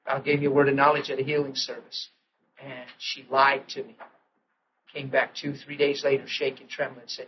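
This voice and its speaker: A middle-aged man preaching a sermon, telling a story with lively acted-out quotes. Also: mid-range voice, normal speed. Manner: animated storytelling, acting out quotes, laughing. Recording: dull lo-fi archival audio with faint hiss.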